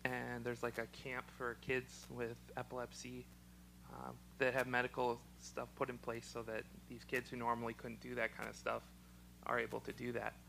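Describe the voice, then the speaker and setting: A young man, speaking haltingly in an interview with a choked, froggy-sounding voice. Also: mid-range voice, monotone, vocal fry, bright, forceful tone, slight background noise, rough recording. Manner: halting, with many ums and restarts. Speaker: special education teacher. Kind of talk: casual personal testimony.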